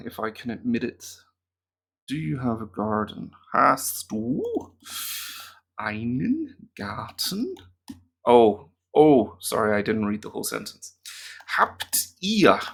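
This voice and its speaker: A man's voice: medium pitch, gravelly. A man, a German teacher, chatting casually and mocking himself as he works through language app exercises aloud. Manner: chatty and self-mocking, muttering answers aloud.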